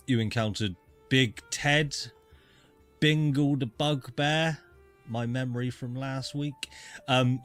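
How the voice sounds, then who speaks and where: A man running a tabletop game as game master, narrating in a relaxed, easygoing way with many ums. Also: fairly low pitch.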